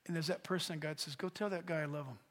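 A man preaching a sermon as pastor, animated and swinging from hushed asides to shouts. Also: on the high side, quick pace, big-room sound. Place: church.

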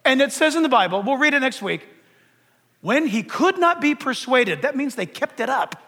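A man preaching a sermon to his church, swinging between shouted lines and hushed, intense passages. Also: very high voice, big pitch swings, normal speed, long reverb tail. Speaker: pastor.

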